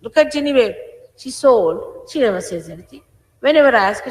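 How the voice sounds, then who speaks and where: A woman's voice: a little high, expressive, fairly quick. A woman, a spiritual teacher, gives an informal, emphatic sermon, admonishing her followers. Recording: echoey hall with faint hiss.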